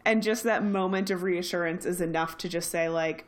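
A young woman co-hosting a podcast, emphatic and animated in casual chat. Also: on the low side, normal speed, hardly any pauses. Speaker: podcast co-host.

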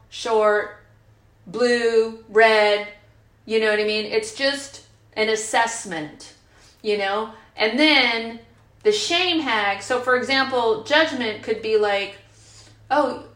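Speaking slowly with fairly even intonation, a woman in her fifties uses a slightly high, fairly bright voice. At a recovery retreat's meeting room, she talks openly and chattily with lots of fillers, recorded roomily and imperfectly.

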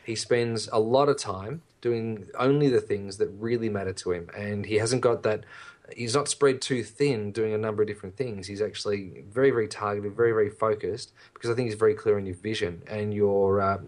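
A man's voice: fairly low pitch, brisk. A man co-hosting a podcast, talking earnestly and encouragingly to listeners and his co-host. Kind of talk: casual podcast chat.

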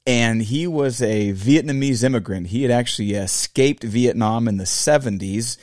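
A man's voice: mid-range voice, normal speed, darkish tone, no room sound, clean studio sound. A man in his forties hosting his own podcast, talking reflectively in a casual solo monologue and addressing listeners as fellow fabricators. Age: 40s. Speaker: podcast host.

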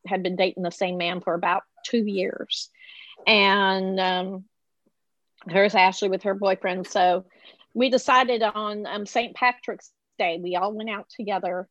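A woman's voice: medium pitch, no echo, lo-fi sound. A middle-aged woman telling a personal story as a podcast guest, acting out the voices of the people she quotes.

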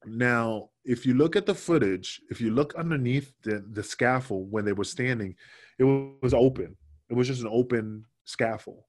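A man's voice: medium pitch, normal speed. A man, a former wrestler, telling stories in a casual interview, swearing freely and acting out what people said. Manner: swears a lot, animated, acts out quotes.

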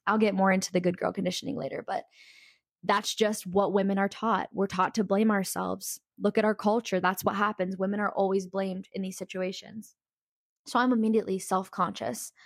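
A woman's voice: mid-range voice, flat delivery, a little fast, no room sound, studio quality. A young woman telling a personal story in a casual, candid and emphatic way, full of "like" fillers.

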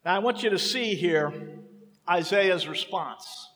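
Male pastor, high voice, slow deliberate sermon delivery, long hall reverb. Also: lively intonation, fairly bright tone. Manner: impassioned preaching, dramatic slow emphasis.

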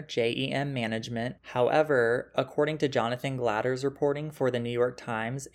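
A man hosting a true crime podcast, telling the story in a casual, conversational way, thinking aloud with asides and restarts. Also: medium pitch. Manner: reads quotes from news articles.

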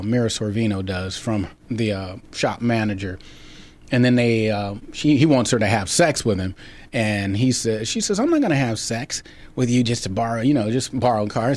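In a fairly low, darkish voice, a man being interviewed tells rambling stories about his acting career. He keeps restarting and uses many fillers in this casual interview.

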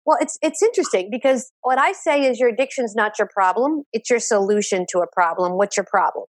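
Woman, fairly high voice, dry recording, animated storytelling, repeats lines for emphasis. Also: fairly quick, no room sound. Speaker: addiction therapist, podcast guest. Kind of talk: conversational interview.

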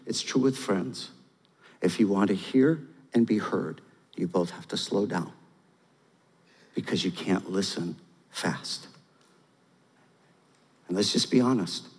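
A man's voice: lowish voice, a little mellow, husky. A man preaching to his church, talking easily and then pressing his points hard. His voice rings out with a long reverb from the hall around him. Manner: conversational preaching, rising to emphatic. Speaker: pastor. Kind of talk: sermon.

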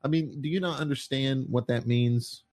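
A man's voice: medium pitch, normal speed, darkish tone. A man ranting in casual political commentary, sarcastic and mocking, swearing often and laughing often.

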